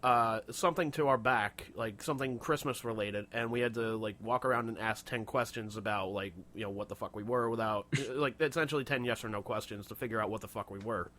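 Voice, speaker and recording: A man's voice: lowish voice, brisk, few pauses, fairly bright tone. A young man co-hosting a podcast, telling a story in casual, profane chat and laughing often. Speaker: podcast co-host.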